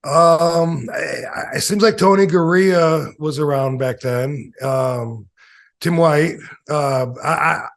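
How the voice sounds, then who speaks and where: A former wrestler in his fifties talks casually in a slightly high voice. He spins loose, rambling anecdotes full of fillers and now and then mimics the people he quotes. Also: slow pace. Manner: acts out quoted voices in stories. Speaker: interview guest, former wrestler. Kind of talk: casual storytelling interview.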